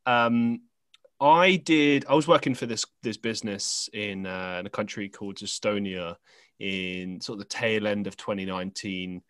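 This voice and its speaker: Chatty English man, bright dry voice. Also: fairly low pitch, normal speed, clear, resonant tone, no room sound. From England. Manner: rambling and chatty, with many fillers and restarts. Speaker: podcast host. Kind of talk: casual conversational storytelling. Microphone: podcast microphone.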